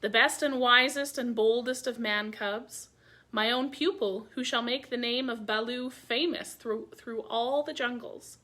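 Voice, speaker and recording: A woman's voice: fairly high pitch, steady tone, unhurried, bright, forceful tone. Baloo: woman voicing a fond old bear teacher.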